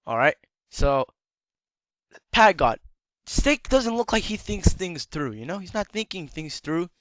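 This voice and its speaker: Very animated yet unhurried, a YouTube commentator with a high, somewhat bright voice rambles and lectures, frequently tagging on "all right?". His voice, slightly worn, cracks here and there, with no echo.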